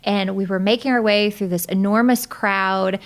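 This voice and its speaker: A woman in her thirties, a podcast guest telling a personal story in a lively, animated way and laughing often. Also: mid-range voice, normal speed.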